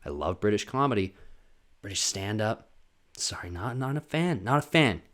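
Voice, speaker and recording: Dude rambling on his own podcast, lowish voice but super bouncy, swears a lot, jokey. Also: animated, moderate pace, a bit bright, slight background noise. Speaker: podcast host. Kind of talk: casual solo podcast monologue.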